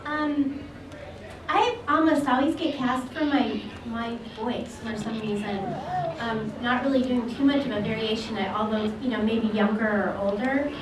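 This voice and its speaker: A voice actress answering audience questions on a panel, easygoing and laughing often. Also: female voice, on the high side, normal speed. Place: convention panel room. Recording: echoey hall, distant mic, background noise.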